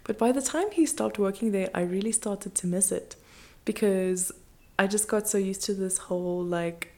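A woman's voice: mid-range voice, moderate pace, a little mellow. A woman co-hosting a podcast in casual chat, laughing often as she talks. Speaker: podcast co-host.

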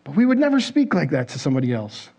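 A man's voice: on the high side, very animated, quick pace, dark tone. A man preaching a sermon in a conversational way, asking the congregation questions and acting out the voices in people's heads. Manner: conversational, asks the congregation questions, acts out quoted inner voices. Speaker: pastor. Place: church stage.

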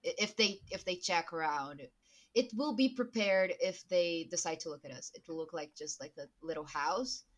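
A woman playing in a tabletop game, excitable and hedging with fillers. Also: fairly low pitch, normal speed. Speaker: player.

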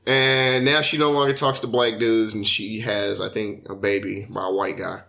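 A young man in casual podcast chat, telling stories with animated quoted voices. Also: fairly low pitch, normal speed, creaky.

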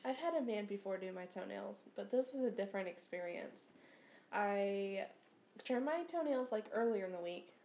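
A woman's voice: mid-range voice, animated, moderate pace, a little mellow. A young adult woman, a nurse and podcast co-host, telling a funny story in casual chat with frequent laughter. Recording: roomy recording with faint noise.

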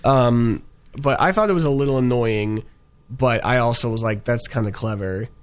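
A man's voice: mid-range voice, normal speed, clear, resonant tone. A young man chatting casually about ads he has seen, rambling with plenty of fillers and restarts. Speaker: co-host reviewing ads. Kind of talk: casual chat.

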